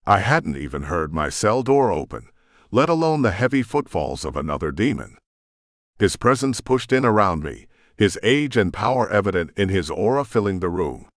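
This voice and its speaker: Male audiobook narrator, deep and expressive, dark brooding read, dry close mic. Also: moderate pace, no room sound. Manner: dramatic, brooding. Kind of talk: first-person audiobook narration.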